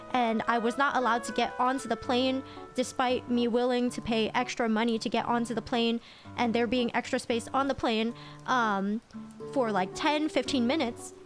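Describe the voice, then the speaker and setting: Brief: young female streamer, high voice, animated storytelling that repeats itself. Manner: animated, rambling, repeats phrases. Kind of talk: storytelling to viewers.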